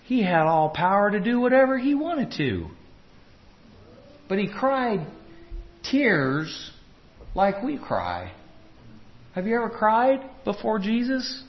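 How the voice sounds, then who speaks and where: Earnest preacher man, slow and soft. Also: high voice, big pitch swings, lo-fi sound. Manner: earnest, swings from loud urging to hushed tenderness. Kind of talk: sermon.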